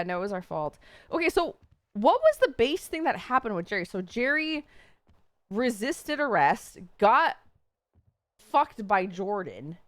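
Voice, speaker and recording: A woman's voice: medium pitch, fairly bright tone, no room sound. A young woman livestreamer casually chatting to her viewers while reacting to roleplay clips, swearing and thinking aloud as she goes. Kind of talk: casual stream chat to viewers.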